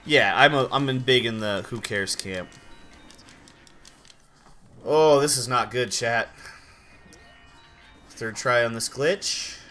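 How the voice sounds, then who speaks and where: Sleepy young guy from idaho on stream, bright voice, keeps yelling at the game between stories. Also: medium pitch, soft background music. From Idaho, USA. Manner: animated, rambling, quick outbursts at the game. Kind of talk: casual live-stream chat while gaming.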